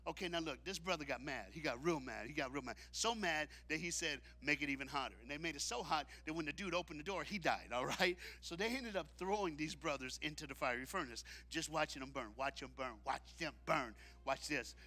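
A man preaching a sermon in a church, dramatic and leading the crowd in call-and-response, swinging from shouts to hushed lines. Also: fairly high pitch, fairly quick, few pauses. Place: church auditorium.

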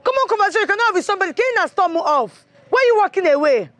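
A pushy young Nigerian woman who talks fast, in a high and lively voice. She presses her friend without letting up. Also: dry recording, full character voice.

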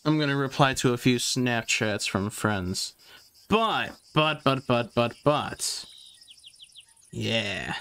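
A young man giving casual gameplay commentary as he sorts items and talks to himself, trailing off into fillers, and he gets loud and excitable once a fight starts. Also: medium pitch, takes it slowly. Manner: excitable, yells taunts when a fight starts. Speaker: gaming YouTuber.

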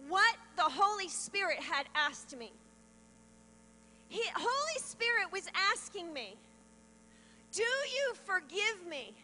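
A woman's voice: very high-pitched, sharp tone. A middle-aged woman telling her testimony from a church stage, earnest and emotional, in a reverberant hall with mains hum. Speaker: pastor's wife giving testimony. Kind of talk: testimony sermon.

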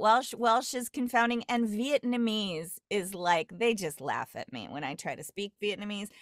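A woman's voice: medium pitch, a bit bright, no room sound, studio quality. A woman with a Great Lakes American accent, a dialect coach and voice actress talking in a rambling, digressive podcast interview from home. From US Great Lakes region. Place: at home on a computer, remote.

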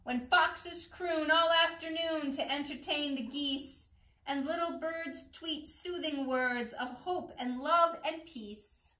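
A woman voicing an excited male dog in a picture book, cheering and exclaiming. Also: sits high, slow pace, voice pushed up, exaggerated voice. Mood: joyful. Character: excited male storybook dog, eager and joyful. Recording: echoey room.

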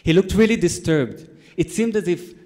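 Deadpan man telling a story. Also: high-pitched, normal speed. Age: 30s. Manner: deadpan storytelling with comic timing. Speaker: conference speaker. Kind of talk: storytelling talk to a conference audience. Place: conference hall.

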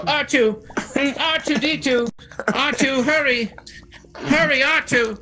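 A woman's voice: high voice, slow pace, sharp tone, low-quality recording. A woman doing a playful improvised bit, calling out again and again in a virtual reality space. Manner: playful, calls out repeatedly. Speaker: audience member doing a bit.

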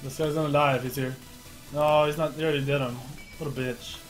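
Brief: young male streamer, slightly high voice, brash and profane, faint game music under him. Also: fast. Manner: cocky, profane, excitable trash talk. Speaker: gamer streaming his own match. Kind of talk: casual gameplay commentary.

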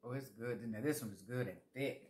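A woman's voice: extremely low pitch, a little fast, a little mellow. A woman food vlogger tasting jellies on camera, chatting casually to her viewers with savoring murmurs between bites.

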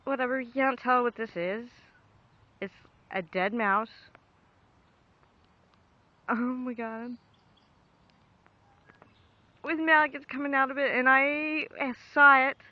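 A young woman outdoors on a dog walk, filming with a handheld camera and talking off the cuff, grossed out and repeating her exclamations, sometimes shouting for her dog. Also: high-pitched, fairly even intonation, takes it slowly, long pauses. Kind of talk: unscripted phone-camera commentary. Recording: dull lo-fi home video with faint background noise.

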